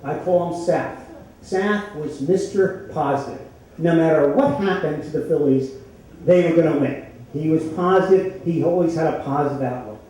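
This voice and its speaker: An older man from the Philadelphia area telling a true story on stage at a story slam, conversational and wry with deadpan punchlines. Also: on the high side, normal speed. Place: stage in an echoey hall with an audience. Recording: echoey hall, distant mic, faint noise.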